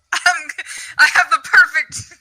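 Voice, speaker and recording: A woman's voice: extremely high pitch, steady tone, unhurried, sharp tone, low-quality recording. A woman playing a tabletop game, laughing and swearing casually as she chats. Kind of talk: casual chat over a voice call.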